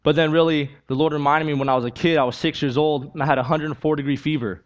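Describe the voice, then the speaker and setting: A man's voice: fairly high pitch, steady tone, quick pace, muffled recording. A man preaching a sermon with a personal testimony, talking earnestly and conversationally, repeating key lines and building to emphatic peaks.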